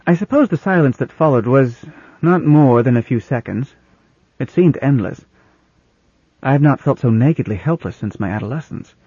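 A man reading an audiobook as a first-person narrator, in measured, plain storytelling. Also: mid-range voice, lively intonation, dark tone, husky, dry recording, muffled recording.

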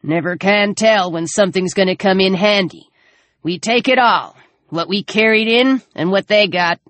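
A man's voice: sits high, normal speed, fairly bright tone, no echo, pitched above the performer's own voice. A menacing, sneering male scavenger who barks curt threats, voiced by a woman reader. The delivery is hard and raised. Dry, close recording. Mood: hostile.

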